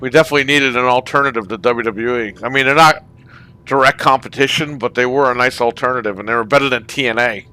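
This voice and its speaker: A man's voice: medium pitch, steady tone, fast, sharp tone, smooth. A man hosting a casual online gaming chat, ranting with heavy profanity. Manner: profane, ranting about wrestling. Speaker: podcast host.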